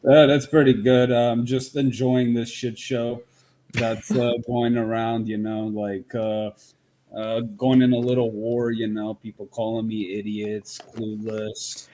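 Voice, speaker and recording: A man calling in to a sports podcast, talking in a relaxed, hesitant way with many fillers. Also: medium pitch, unhurried, slight background noise. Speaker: caller. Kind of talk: casual call-in chat.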